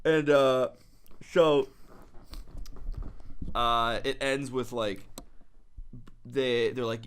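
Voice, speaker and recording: A man co-hosting a podcast, riffing on a made-up movie plot with crude, rambling jokes and quick put-on voices for the characters. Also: mid-range voice, fairly even intonation, fairly bright tone, clear, resonant tone. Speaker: podcast co-host.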